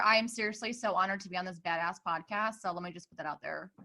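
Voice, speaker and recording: A woman's voice: fairly low pitch, fast talker, hardly any pauses, pushed and bright. A woman guest on a podcast, a marketing coach, talking eagerly and reflectively. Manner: eager, laughs easily, reflective. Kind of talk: casual podcast interview.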